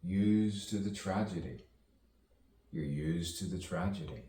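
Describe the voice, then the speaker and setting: Man, very deep voice, spoken-word soliloquy, rambling and repetitive, distant mic, echoey room. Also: expressive, a little slow, dark tone. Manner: rambling, musing, repeats phrases, talks to himself.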